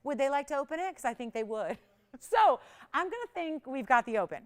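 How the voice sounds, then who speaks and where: A woman hosting a live TV jewelry shopping show, chatty and animated, laughing often and counting prices down. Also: sits high, a little fast. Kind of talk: live TV sales pitch. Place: TV shopping studio.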